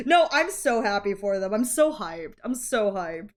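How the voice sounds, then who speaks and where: A woman's voice: medium pitch, sing-song, measured pace, few pauses. A woman streaming while drawing, chatting casually in a rambling, giggly way and swearing now and then. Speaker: art streamer.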